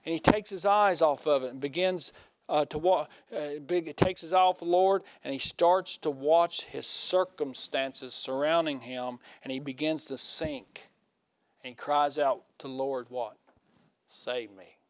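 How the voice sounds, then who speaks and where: A man giving a conversational sermon in a folksy way, asking his listeners questions and swinging from loud to hushed. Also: fairly high pitch, unhurried, no room sound. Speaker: preacher.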